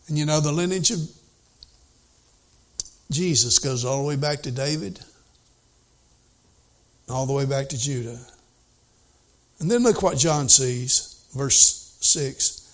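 A man preaching a sermon, reading scripture aloud in old wording and explaining it plainly, his voice rising to emphatic and dropping to hushed. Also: mid-range voice, slow pace, pauses often. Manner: voice rises and falls widely, at times emphatic, at times hushed.

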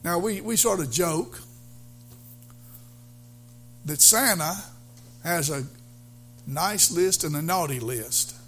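Slow, halting male pastor preaching. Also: on the high side, a bit bright, a little hiss or hum. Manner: slow, halting with many fillers, rising to fervent emphasis. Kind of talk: sermon.

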